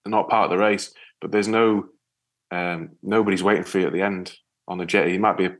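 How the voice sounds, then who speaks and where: A man talking as an interview guest in a reflective, halting way, often restarting his sentences. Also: low voice, steady tone. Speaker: podcast guest. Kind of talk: casual interview chat.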